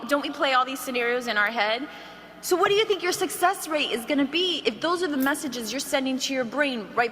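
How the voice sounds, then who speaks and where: A woman giving an energetic sales training talk to a room, coaxing the audience with questions. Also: high voice. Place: large hall with an audience. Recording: archived talk in a roomy hall with faint noise.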